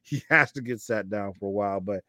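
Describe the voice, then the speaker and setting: A man co-hosting a podcast, telling a story in a lively way, laughing often and acting out what people said. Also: on the low side, brisk, dry recording, clean studio sound. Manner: animated storyteller, laughs often, acts out quotes. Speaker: podcast co-host. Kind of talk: casual chat, storytelling.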